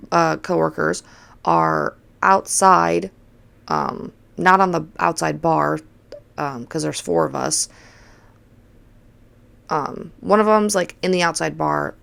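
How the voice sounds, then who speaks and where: Young woman host, low and very gravelly, animated casual storyteller who swears freely. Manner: animated, swearing, acting out quoted dialogue. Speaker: podcast host.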